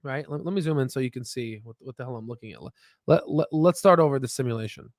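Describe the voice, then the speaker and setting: A man hosting a casual stock market video, rambling and excitable, with frequent profanity and restarts. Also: mid-range voice, fast talker, no room sound, studio quality. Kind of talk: casual market commentary with screen share.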